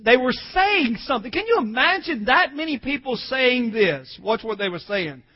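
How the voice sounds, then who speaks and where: A man preaching a sermon in a very high voice, rising from soft asides to shouted, near-tearful peaks. He has the congregation repeat lines back to him. The recording sounds dull and lo-fi. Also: very animated, normal speed. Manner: swells from quiet asides to shouted, crying climaxes.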